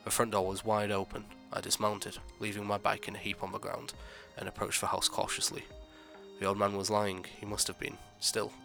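A man narrating a first-person horror story in a measured, dramatic way. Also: on the low side, monotone, vocal fry, bright, forceful tone, soft background music.

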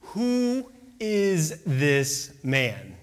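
Preacher doing awed fishermen disciples, hushed and bewildered. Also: mid-range voice, wildly swooping pitch, very slow, pitched below the performer's own voice, heavily acted.

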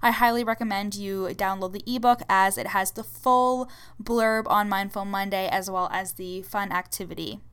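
A woman hosts a self-help podcast with a smooth, clear voice. She speaks calmly and earnestly, offering encouragement the way a life coach does. Her voice sits at an ordinary middle pitch. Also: normal speed.

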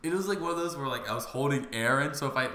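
A man's voice: mid-range voice, racing, sharp tone. Chatty man in an echoey room. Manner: chatty, talks in loose run-on asides full of "like". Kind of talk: casual podcast chat.

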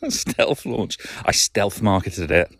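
A man's voice: fairly low pitch, huge pitch swings, very slow, no room sound, studio quality. A man with a Lancashire accent hosting a casual solo podcast, rambling and self-deprecating with frequent chuckles. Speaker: podcast host.

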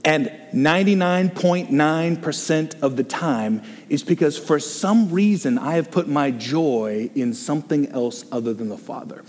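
Excitable preacher man in a reverberant hall. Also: a little high, measured pace, hardly any pauses. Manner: excitable, exclaims and jokes, reads listener comments aloud. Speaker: pastor leading a group discussion. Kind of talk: animated preaching.

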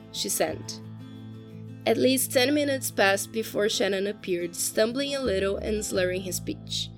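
A woman narrating a story in a steady, even audiobook style. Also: medium pitch.

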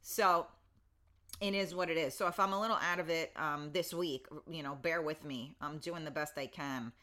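A woman's voice: low voice, normal speed, fairly bright tone. A woman around fifty hosting a casual live stream, chatty and reading viewers' comments aloud with lots of fillers, a little foggy and in pain. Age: 50s. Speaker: livestream host.

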